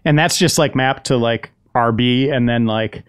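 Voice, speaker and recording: A man co-hosting a podcast, chatting in a relaxed, hesitant way with many pauses and fillers. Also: medium pitch, smooth, dry recording, clean studio sound. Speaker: podcast co-host. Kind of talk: casual podcast chat.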